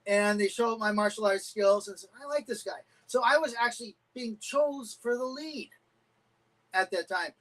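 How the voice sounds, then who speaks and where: A middle-aged man, a karate champion guest, telling animated stories and acting out quotes in a casual interview. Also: sits high, moderate pace, low-quality recording. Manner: animated anecdotes with acted-out quotes.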